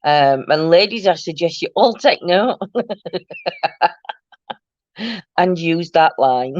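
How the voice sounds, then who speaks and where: A woman's voice: fairly low pitch, sing-song, extremely slow, pauses often, dry recording, dull audio. A woman hosting a paranormal live stream from home, chatting casually and reading out viewer comments, teasing and laughing often.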